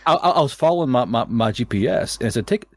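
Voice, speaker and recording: Brief: casual male storyteller, mid pitch, dry close sound, swears a lot, trips over his words. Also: lively intonation, quick pace, breathy edge, dry recording. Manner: rambling, profane, stammering restarts, laughing.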